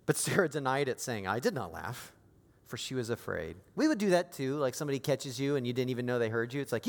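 A man preaching a sermon as pastor, moving from quiet, intimate lines to raised, emphatic appeals. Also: medium pitch, very animated, fast talker, big-room sound.

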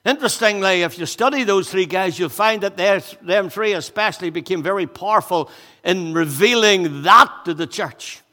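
A man's voice: sits high, moderate pace, pushed and bright, in a large hall. A man preaching a sermon with energy and a chatty way of talking, slightly out of breath, with jokes and asides to the congregation. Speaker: pastor.

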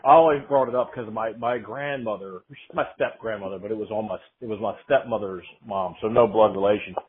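Husky rambling man on a tinny line. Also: on the low side, brisk. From Atlanta, US. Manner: rambling, stammering restarts. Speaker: podcast host. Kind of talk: casual podcast chat.

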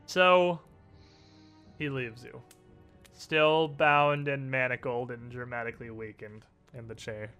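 A man narrating a tabletop game as game master, with animated, drawn-out storytelling emphasis. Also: mid-range voice, clear, resonant tone, soft background music.

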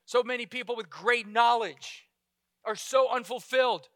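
A man preaching a sermon, impassioned, rising to loud exclamations and dropping to a hushed intensity. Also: very high-pitched, normal speed, dry recording, studio quality.

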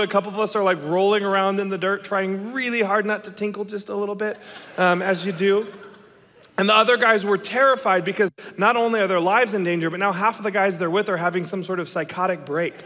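Animated man telling a story in a hall. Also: high voice. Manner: animated, dramatic storyteller acting out quotes. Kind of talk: storytelling talk. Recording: long reverb of a hall.

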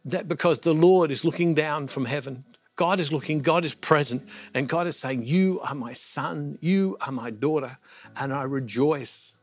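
A middle-aged man leads a daily devotional reflection and prayer. He speaks in an earnest, heartfelt way, with a slightly raised pitch for a man, and sometimes repeats words when he is moved. The sound is close and dry, with soft music underneath. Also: no room sound. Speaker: Catholic ministry host.

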